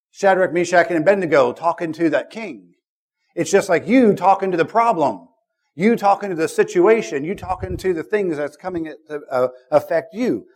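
Emphatic male preacher, slightly high voice. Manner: builds to loud, emphatic repetition; conversational asides between scripture readings. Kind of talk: sermon.

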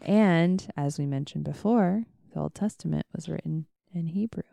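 A chatty woman talking casually as a podcast co-host. Her voice sits low, with a gravelly, mellow tone. The sound is dry and close. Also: moderate pace, no room sound. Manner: chatty, laughs often, thinks aloud. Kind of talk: casual chat.

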